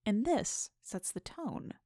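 A woman host, a librarian, giving a scripted narration and a dramatic reading in a hushed, whispery storytelling manner. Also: on the high side, animated, takes it slowly, dry recording, clean studio sound.

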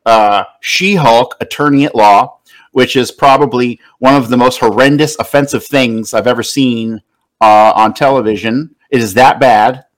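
A man's voice: medium pitch, steady tone, moderate pace, rough recording. A man in casual podcast chat, swearing and laughing easily.

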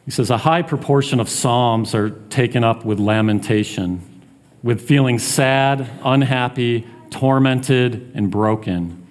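A man preaches a sermon at a measured pace in a medium-pitched voice. He's earnest and conversational, restarts plenty, and acts out taunts in a raised voice.

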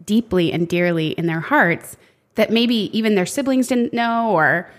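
A woman co-hosting a faith podcast, chatting casually with a friend. Her voice sits in an ordinary middle pitch and she talks expressively. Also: measured pace. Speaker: podcast co-host. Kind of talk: casual chat.

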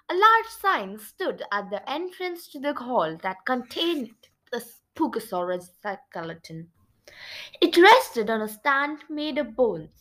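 A woman's voice: on the high side, a bit bright, rough recording. A woman reading a children's chapter book aloud with dramatic expression. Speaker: storybook reader. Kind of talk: expressive children's story narration.

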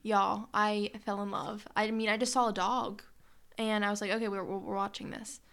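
A woman's voice: mid-range voice, little pitch movement, moderate pace, gravelly, fairly bright tone, clean tone. A woman co-hosting a casual podcast, chatty and giggly, talking straight to her listeners. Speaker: podcast co-host. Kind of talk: casual chat.

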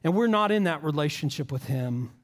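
Earnest high-voiced male preacher. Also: animated, brisk, in a large hall. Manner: earnest, conversational, repeats words as he restarts. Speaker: pastor. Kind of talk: sermon.

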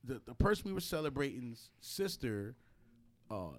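Speaking at normal speed in a medium-pitched voice that swings widely, a male podcast host tells a story in casual conversation. His delivery is blunt and profane, and he acts out what others said.

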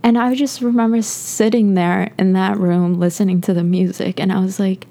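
Speaking briskly with hardly any pauses, a young woman hosts a podcast and reflects on her personal views. She rambles earnestly, fills her speech with "like" and restarts, and at times comes close to tears. Her voice is medium-pitched and warm.

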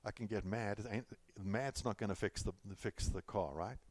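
Speaking at a moderate pace in a lowish voice, a middle-aged man from California preaches as a pastor, chatting through stories with repetitions and side remarks. There is no room sound on the recording.

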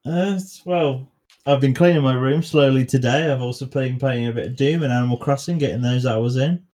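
A young man hosts a relaxed podcast conversation with a mid-pitched voice. He hesitates, restarts his sentences and laughs often. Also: brisk. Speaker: podcast host. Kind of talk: casual chat.

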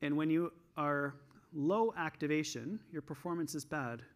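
A Canadian man giving an energetic conference talk on stage, telling coaching stories in an animated way. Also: moderate pace. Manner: highly energized, animated storytelling.

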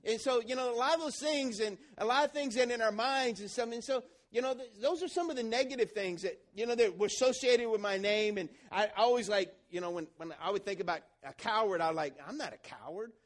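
A man's voice: extremely high pitch, brisk, few pauses. A man preaching a sermon in a church, rousing the congregation with call-and-response questions. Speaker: pastor.

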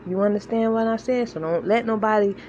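Her voice is medium-pitched and darkish, a little quick, and the recording sounds muffled with faint hiss behind it. In this informal faith monologue, the online encourager speaks earnestly, repeats points, and keeps checking in with "u get it."

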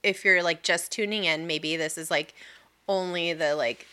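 Woman, podcast co-host, casual rambling chat, pregnant, bright tone. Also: lowish voice, fairly even intonation, normal speed, clean tone. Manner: chatty, rambling, laughs easily.

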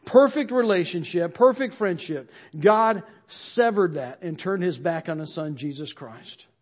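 Delivering a sermon to his flock, this pastor speaks in an earnest, fairly high voice, repeating phrases and dropping his pitch as each line closes. He sounds animated and talks a little slowly.

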